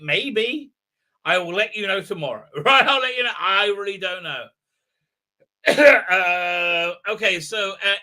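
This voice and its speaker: Man, exasperated, incredulous rant, filler-heavy, very bright tone. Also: a little high. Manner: exasperated, incredulous, full of fillers, mocking quotes. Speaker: show host reviewing an episode. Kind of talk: rambling ranting recap.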